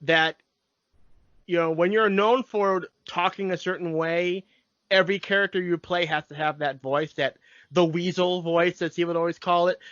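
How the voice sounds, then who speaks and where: A man's voice: on the high side, a bit bright, no room sound. A man co-hosting a podcast in casual chat, conversational and moving the talk along. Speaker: podcast co-host. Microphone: home microphone, remote call. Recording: dry, dull lo-fi audio.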